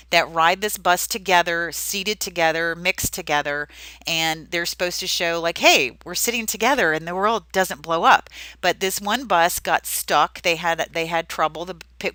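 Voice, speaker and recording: Woman teacher, slightly low, bright forceful tone, chatty and emphatic, dry close sound. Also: dry recording, low-quality recording. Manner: conversational and emphatic, with fillers and repeats. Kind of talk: recorded history lecture over slides.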